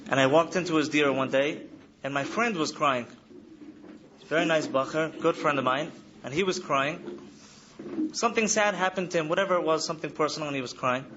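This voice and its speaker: A man in his thirties gives an earnest lecture to students, a slightly higher voice and key phrases said again and again. The recording sounds dull and lo-fi, a faint hiss behind him. He seems to be speaking in a study hall. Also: fairly quick, sharp tone. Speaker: trauma counselor speaking to yeshiva students. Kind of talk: lecture to an audience.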